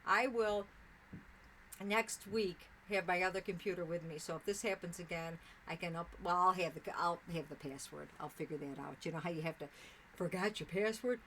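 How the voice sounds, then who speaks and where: A woman's voice: on the low side, normal speed, a bit bright, slight background noise, rough recording. Chatty older woman streaming from home. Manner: chatty, rambling, with fillers and restarts. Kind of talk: casual live-stream chat with viewers. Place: home sewing room.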